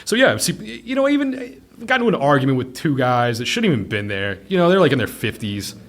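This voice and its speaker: A male pub owner speaks bluntly and swears freely as a guest in a casual interview. His voice is mid-pitched for a man but very animated, jumping up high when he acts out other people. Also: fast talker. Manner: blunt and profane, laughs while telling stories.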